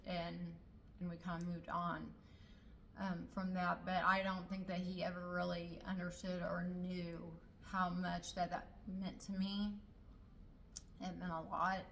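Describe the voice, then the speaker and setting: A woman's voice: on the low side, little pitch movement, unhurried, vocal fry, bright, forceful tone, slight background noise, low-quality recording. A middle-aged woman telling a personal family story in a casual way, hesitating often with fillers and restarts.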